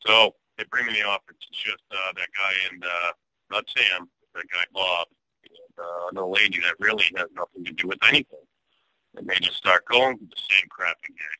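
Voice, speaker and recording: Tense, bright-voiced man recounting distress. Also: low voice, a little fast, no echo, poor audio. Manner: tense, distressed, retells dialogue with quotes. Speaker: guest telling his story. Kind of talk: emotional personal account.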